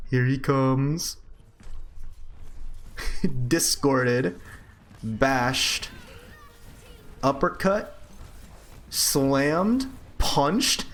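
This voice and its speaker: A young man coaching and reviewing gameplay in casual live-stream commentary, blunt and profane, often breaking into high laughter. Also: extremely slow, pauses often, a bit bright.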